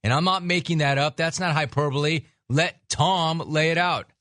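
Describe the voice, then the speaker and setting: A man's voice: a little high, fairly bright tone, dry recording, clean studio sound. A man hosting a sports talk radio show, riffing in a sarcastic, mocking way. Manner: sarcastic, mocking, rapid riffs.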